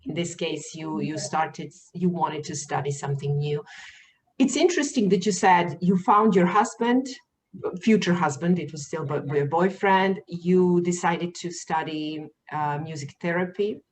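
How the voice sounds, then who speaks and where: A woman interviewer whose first language is Serbian, asking questions and sharing her own experiences in a thoughtful, expressive way with slow, emphatic phrasing. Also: fairly low pitch, a little hiss or hum, rough recording. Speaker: podcast host interviewer. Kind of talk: conversational interview.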